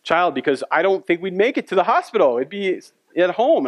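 A man's voice: sits high, very animated, fairly quick, no room sound. A man preaching a sermon as pastor, telling a personal story in a conversational way with asides to the congregation.

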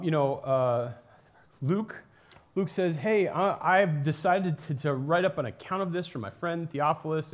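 A man preaching a sermon in a casual, animated storytelling way, with lots of fillers and asides. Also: fairly high pitch. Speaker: pastor. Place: church.

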